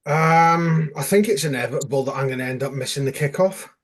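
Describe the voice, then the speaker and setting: A man's voice: on the high side, brisk. Joking man on a fan podcast. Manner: jokey and anecdotal. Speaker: podcast panelist. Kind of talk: casual chat.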